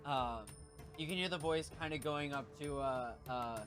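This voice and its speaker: A man's voice: on the high side, normal speed, a bit bright, soft background music. Male game master narrating loosely. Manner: loose, filler-heavy narration.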